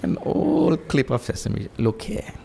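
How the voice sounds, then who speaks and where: A man's voice: mid-range voice, a little slow, gravelly, background noise. A man teaching scripture in a lecture, repeating key points and acting out stories. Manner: animated teaching with acted-out stories.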